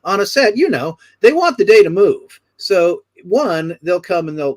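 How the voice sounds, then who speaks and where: A man's voice: a little high, sing-song, a little slow, hardly any pauses. An older man, an actor guest, reflecting in a thoughtful, articulate and wry way during a casual interview.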